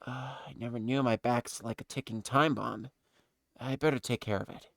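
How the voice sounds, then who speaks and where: A woman's voice: rumbling low, fairly even intonation, normal speed, vocal fry, no room sound, studio quality, voice pushed down. A woman doing Phoenix Wright, a flustered lawyer. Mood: dry. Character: flustered young male defense lawyer. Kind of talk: fan voice-over of a game.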